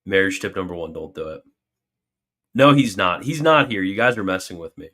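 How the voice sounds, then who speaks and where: A man's voice: low-pitched, lively intonation, fairly quick, sharp tone. A man hosting a casual livestream Q&A, reading viewer questions aloud and answering them with jokey mock alarm and then earnest explanation. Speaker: livestream host answering super chats.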